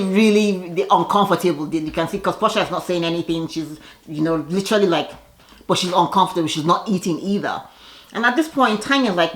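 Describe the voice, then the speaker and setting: A woman recapping a reality show in casual chat, gossipy and animated, putting on quick voices for the cast members. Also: fairly low pitch, echoey room.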